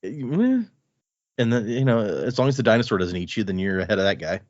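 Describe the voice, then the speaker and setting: Man podcaster, chatty recap, lively pitch, dry dull lo-fi mic. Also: fairly quick, dry recording. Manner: animated, chatty retelling. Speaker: podcast co-host. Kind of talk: casual book discussion.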